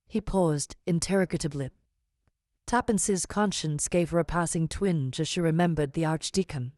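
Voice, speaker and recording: A woman reads a classic novel aloud as audiobook narration, calm and even in her storytelling. Her voice is on the low side, and it is recorded on a close mic with a dry, dead sound. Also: normal speed, dry recording. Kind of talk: scripted narration.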